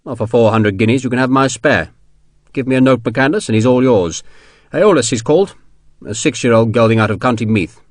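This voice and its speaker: A man voicing an eager, headstrong British general who speaks briskly and commandingly. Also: mid-range voice, no room sound, clean studio sound, lightly acted. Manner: brisk, commanding, quick to laugh.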